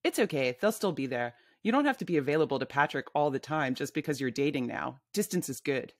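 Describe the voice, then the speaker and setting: A woman's voice: sits low, animated, fast, no echo, clean studio sound. A woman reading her memoir aloud, voicing a brash, blunt woman friend who bosses people around at a bar. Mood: teasing. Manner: pushy, blunt, bossy.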